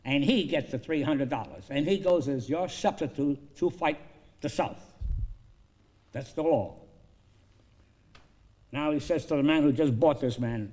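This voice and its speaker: A man pitching a film story, acting out the characters' lines and swinging between loud and hushed delivery. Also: moderate pace.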